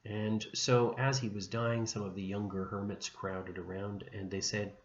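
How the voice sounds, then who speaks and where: Low-voiced man telling a saint's story. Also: level tone. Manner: gentle, unhurried retelling with small restarts. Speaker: religion teacher. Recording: dull, echoey room recording with faint hum.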